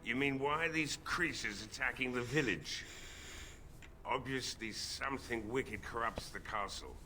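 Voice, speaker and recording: A drunk old blacksmith. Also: male voice, mid-range voice, unhurried, pushed and bright, slight background noise. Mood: brooding. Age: older. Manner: weary, slurring drinker's drawl. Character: gruff old widowed village blacksmith, drunk and bitter. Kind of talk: video game voice acting.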